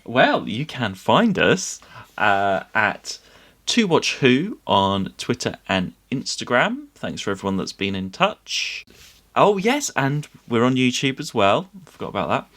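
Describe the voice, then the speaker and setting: A man's voice: medium pitch, big pitch swings, a little slow, a bit bright. A man hosting a podcast in casual chat, easygoing as he wraps up the episode. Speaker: podcast host.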